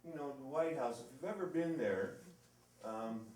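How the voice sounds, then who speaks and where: A man's voice: medium pitch, animated, moderate pace, darkish tone. A man on a live stage telling rambling, chuckling anecdotes with plenty of fillers. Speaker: stage performer telling stories. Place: live stage in a reverberant hall. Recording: echoey live hall, distant mic, faint noise.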